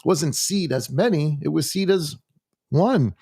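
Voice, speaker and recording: Man teaching Bible study, halting and dry. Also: fairly high pitch, animated, creaky, darkish tone, husky, no room sound. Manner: halting, full of restarts and fillers, reads scripture aloud. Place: church.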